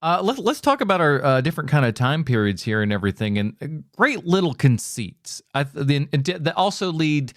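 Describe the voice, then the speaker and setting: A man's voice: a little high, sing-song, fairly quick, few pauses, no echo, studio quality. A man co-hosting a movie podcast in casual chat, meandering through his points with many fillers. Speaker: podcast co-host.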